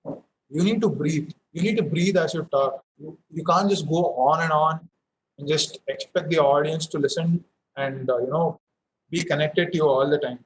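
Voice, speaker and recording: Talking at normal speed in a slightly high voice, a young Indian instructor walks through public speaking over his headset, stopping to restart and using plenty of fillers while he models emphasis. The audio is poor, with some hiss or hum.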